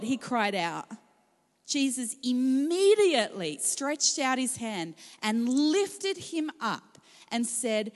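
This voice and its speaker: A woman's voice: high voice, big pitch swings, slow. A woman preaching a sermon to a congregation in a room, talking in a conversational way and often asking "can I just say". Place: large room with a gathered congregation. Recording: long hall reverb.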